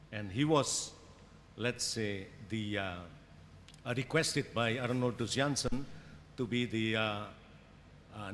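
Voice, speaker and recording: A man with an Indonesian accent delivers an academic lecture, halting and full of fillers and restarts. He speaks at an unhurried, deliberate pace. The voice carries a long hall reverb over faint background ambience. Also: mid-range voice, a bit bright, a little hiss or hum. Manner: hesitant, many fillers and restarts. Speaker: conference keynote speaker. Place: conference hall.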